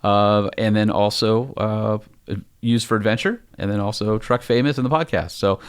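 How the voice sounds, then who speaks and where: A man's voice: fairly low pitch, fairly even intonation, moderate pace, clear, resonant tone. A man co-hosting a podcast in a conference room, chatting casually in an upbeat, rambling way with lots of fillers. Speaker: podcast co-host.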